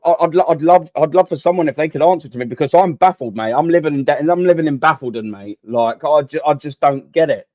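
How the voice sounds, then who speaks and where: Young bloke, slightly high voice, fed-up sweary football rant to live chat; dry, muffled home mic. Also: male voice, fast, few pauses, no room sound. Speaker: football watchalong host. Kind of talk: live match watchalong commentary and rant.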